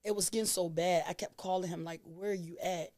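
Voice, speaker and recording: A woman's voice: on the low side, fairly even intonation, fairly quick, a little mellow. A woman, a guest on an interview show, telling stories animatedly and laughing often. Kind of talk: casual interview chat.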